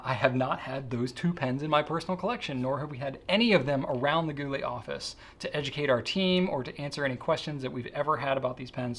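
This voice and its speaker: A man hosting a pen shop question-and-answer show, talking casually and easygoing, thinking out loud as he handles a pen. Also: mid-range voice, gravelly. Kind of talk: casual chat.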